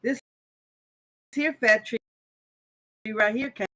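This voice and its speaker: A woman hosts a live-stream quilting lesson in a casual, chatty way. She talks straight to the people in her live chat. Her voice is bright and forceful. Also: fairly high pitch, takes it slowly, poor audio.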